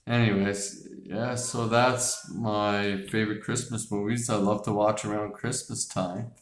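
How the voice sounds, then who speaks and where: A man's voice: fairly low pitch, little pitch movement, measured pace. A man hosting a casual chat about favorite movies, rambling with lots of fillers, restarts and casual swearing. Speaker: host. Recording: echoey room.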